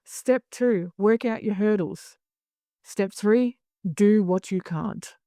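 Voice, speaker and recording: A woman guest talking candidly in an interview, blunt and animated, swearing freely as she tells stories. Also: mid-range voice, slow pace, no echo, clean studio sound. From Australia. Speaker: guest, clinical hypnosis director.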